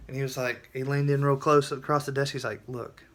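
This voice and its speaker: A man's voice: mid-range voice, little pitch movement, quick pace, a bit bright. A man telling his own story in a casual vlog, earnest and emotional, often restarting his sentences.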